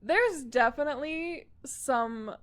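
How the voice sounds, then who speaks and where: A woman's voice: sits high, takes it slowly. A woman co-hosting a podcast, chatting casually and giggling as she retells an anime episode. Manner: giggly, animated retelling with acted-out quotes. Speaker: podcast co-host. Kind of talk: casual anime recap chat.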